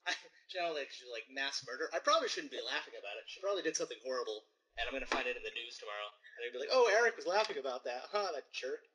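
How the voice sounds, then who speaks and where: A man's voice: medium pitch, animated, rapid-fire, a crowd in the background, rough recording. A man co-hosting a casual podcast, telling stories and laughing often as he talks. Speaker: podcast co-host. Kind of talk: casual chat.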